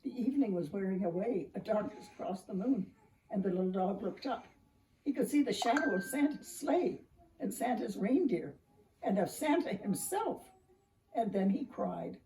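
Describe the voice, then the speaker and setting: Grandma reading a picture book, sing-song and lively, far from the mic in a roomy house. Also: female voice, medium pitch, normal speed, a little hiss or hum. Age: older. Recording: echoey room heard from far off.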